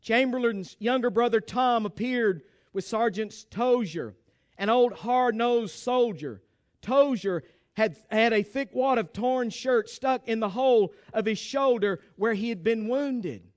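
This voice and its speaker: Male preacher, high resonant voice, dramatic sermon storyteller. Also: a little slow. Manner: dramatic, calls for congregation response.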